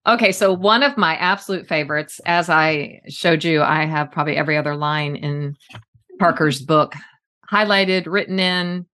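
A woman hosting a casual conversational interview, talking in an animated, emphatic way with quick asides. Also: sits low. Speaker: podcast host.

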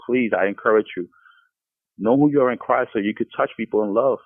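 A man's voice: medium pitch, brisk, slightly rough, no room sound. A man speaking as a podcast guest, giving an earnest Christian testimony with frequent stumbling restarts. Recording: tinny phone line.

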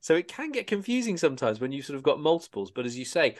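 A man co-hosting a podcast in casual chat, often halting and repeating words as he goes. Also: fairly high pitch, big pitch swings. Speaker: podcast co-host.

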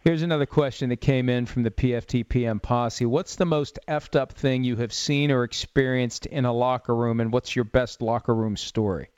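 A man's voice: mid-range voice, normal speed, few pauses, a little mellow, clear, resonant tone, no echo, dull audio. A man hosting a podcast who reads out listener questions and throws in joking asides. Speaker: podcast host. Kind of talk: casual chat.

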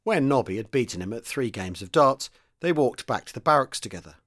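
A man reading a novel aloud, steady in the narration and louder and higher in the dialogue. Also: fairly quick. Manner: steady reading, lifts his pitch and volume for the dialogue. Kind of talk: audiobook narration with character voices.

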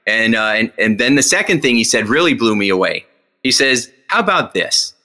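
Man, bright tone, animated storytelling, voices quoted lines in a much higher pitch, shifts to slow guided breathing instructions. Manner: energetic, acts out quoted dialogue with big pitch jumps. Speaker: guest, hypnotist and speaker.

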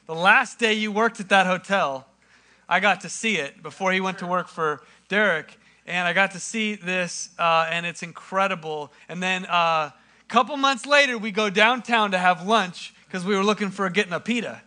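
A man's voice: high voice, moderate pace, bright, forceful tone. A man speaking casually to a congregation, with a loose, filler-heavy delivery.

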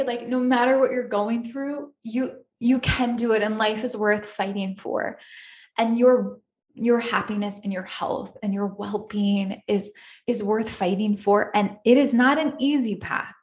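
Earnest woman podcaster in an echoey room. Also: mid-range voice. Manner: earnest, emotional, many "like" fillers. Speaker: podcast host. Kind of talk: personal storytelling podcast.

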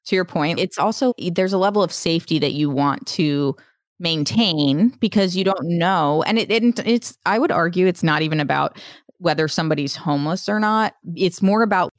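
A young adult woman hosting a podcast in casual chat, frank and quick to laugh, swearing freely. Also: on the low side, no echo, studio quality. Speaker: podcast host.

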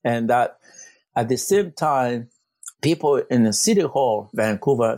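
A man's voice: mid-range voice, darkish tone, no echo. Earnest man with a very dry sound. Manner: earnest, halting with many fillers and restarts. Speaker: community organizer. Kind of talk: interview answer. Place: Vancouver.

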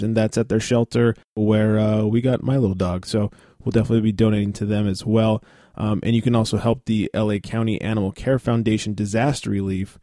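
A man hosting a casual podcast with a raspy morning voice and a sore throat, reading out listings with fillers and asides. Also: lowish voice, dark tone, no room sound, studio quality. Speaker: podcast host.

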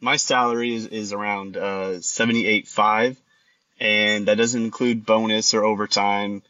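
A man's voice: lowish voice, flat delivery, measured pace, bright, forceful tone, no room sound. A man in his thirties with a Texan accent, calling in to a radio show and speaking hesitantly, often repeating words. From Texas. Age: 30s. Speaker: caller. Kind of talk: phone-in conversation. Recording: lo-fi phone line.

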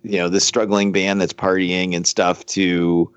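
A man with a very low voice chats casually, loose and rambling, stumbling over fillers. The sound is dry and a bit dull, with no room around it. He talks like a podcast co-host easing through a conversation. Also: level tone, unhurried, clean tone, no room sound. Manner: laid-back, rambling, hesitant with many fillers. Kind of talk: casual chat.

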